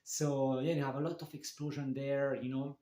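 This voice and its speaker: In a casual video review, an enthusiastic male manga reviewer speaks in a warm, level, mid-range voice from an echoey room. His delivery is halting, full of fillers and restarts.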